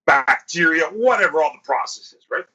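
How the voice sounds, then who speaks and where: A man on a podcast, telling a crude story in a casual and animated way, swearing and acting out what people said. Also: fairly high pitch, normal speed. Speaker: podcast host. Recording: dull lo-fi podcast audio.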